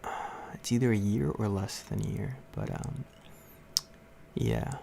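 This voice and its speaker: Young man, livestream host, casual storytelling, gravelly low voice, faint background hiss. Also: steady tone, measured pace, dark tone. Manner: rambling, laughs often, many fillers.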